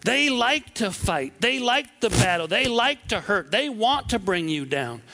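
A man from southwest Wisconsin preaching a sermon, animated and acting out the voices he quotes. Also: sits high, unhurried.

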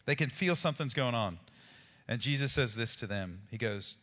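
A man preaching a sermon as pastor, in a conversational, animated way with casual asides to the congregation. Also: medium pitch, normal speed, long reverb tail.

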